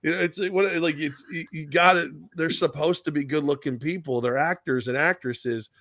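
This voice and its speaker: A man's voice: fairly high pitch, moderate pace, fairly bright tone, no echo, clean studio sound. A man co-hosting a radio sports talk show, chatting casually and acting out the voices of people he quotes, swearing now and then.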